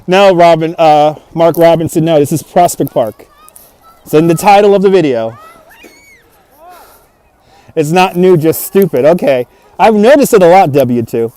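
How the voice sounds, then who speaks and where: A man's voice: a little high, mellow, no echo. Chatty New man on a walk. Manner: chatty, reads out and answers viewer comments, laughs often. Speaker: livestream host. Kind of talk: casual walking livestream chat. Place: outdoors in a snowy park at dusk. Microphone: phone on a handheld gimbal.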